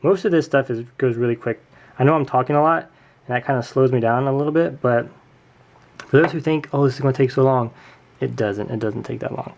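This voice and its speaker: A chatty man walks through a craft build in a casual tutorial, full of little asides and self-corrections. His voice has a gravelly, fry-edged texture at a mid pitch. He sounds like he's talking into a camera mic at a home work table. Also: fairly quick, darkish tone. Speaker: tutorial host.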